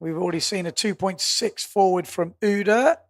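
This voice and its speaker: This is live windsurfing commentary and banter from an English-accented man whose high-pitched voice mixes calls with jokes, easy laughter and quick asides. The recording is dry and of studio quality.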